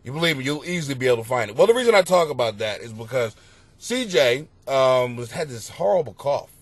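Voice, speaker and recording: A middle-aged male comedian telling rambling, profane stories on his podcast, bursting into loud exclamations. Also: medium pitch, big pitch swings, quick pace, slightly rough, no room sound. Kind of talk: comedic storytelling monologue. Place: basement at home.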